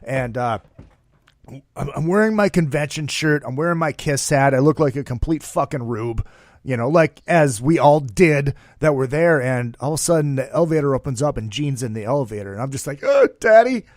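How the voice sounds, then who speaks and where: A man hosting a casual interview show, telling stories in an animated way and swearing freely. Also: mid-range voice, brisk, no room sound, studio quality. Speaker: radio show host.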